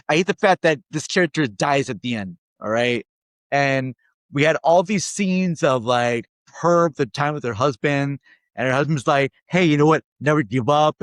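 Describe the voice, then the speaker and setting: A man's voice: mid-range voice, fairly bright tone, no room sound. A man from Minnesota giving a rambling, casual movie review, often checking in with "all right?" and getting worked up at times. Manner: rambling and conversational, keeps tagging lines with "all right?"; gets worked up and exasperated.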